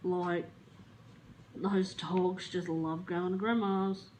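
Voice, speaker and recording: A woman with an Australian accent, telling stories in a casual, rambling chat. She is chatty, laughs easily and swears in passing, and she sounds a little flat today. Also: on the low side, slow pace, a little hiss or hum, low-quality recording. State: feeling flat. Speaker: vlogger.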